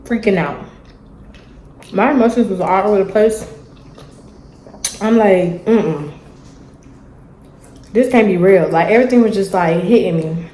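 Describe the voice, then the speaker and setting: A young woman, telling a story in a casual, animated vlog chat and acting out the dialogue. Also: medium pitch, moderate pace, pauses often, echoey room, a little hiss or hum, poor audio. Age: young adult. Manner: animated, chatty, acts out dialogue. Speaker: vlogger. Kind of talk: casual storytelling while eating.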